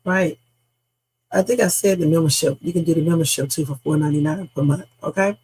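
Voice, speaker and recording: A man hosting a casual news-reaction livestream, hoarse from a sore throat, chatting straight to his viewers with rambling asides. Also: on the high side, fairly even intonation, brisk, darkish tone, low-quality recording. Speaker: livestream host. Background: background music.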